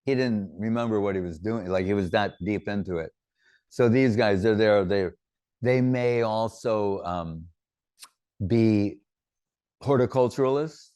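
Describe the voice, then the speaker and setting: A man with a fairly low voice gives an informal religious talk. He wanders between teaching and loose personal stories in a conversational, anecdotal way. The sound is dry and close, with no room echo. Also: unhurried, warm tone, clear, resonant tone. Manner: rambling, anecdotal storytelling. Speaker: spiritual teacher giving a talk.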